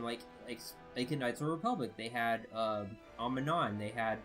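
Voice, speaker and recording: A man talks through a casual review in a middle-pitched voice. He rambles, restarts his sentences and fills the gaps with "um" and "you know". Quiet music plays underneath. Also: sing-song, a little fast. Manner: rambling, full of fillers and restarts. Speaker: video reviewer.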